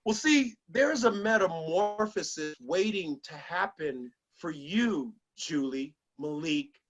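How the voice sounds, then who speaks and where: A middle-aged man giving a motivational talk to a small group, an animated storyteller who acts out the lines he quotes. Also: fairly high pitch, slow pace, rough recording. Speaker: motivational speaker.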